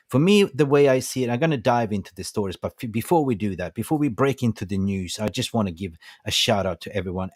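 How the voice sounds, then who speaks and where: A man's voice: on the low side, a little mellow, no room sound, clean studio sound. An older man hosting a fan channel livestream, delivering a passionate, preachy rant and rallying his viewers.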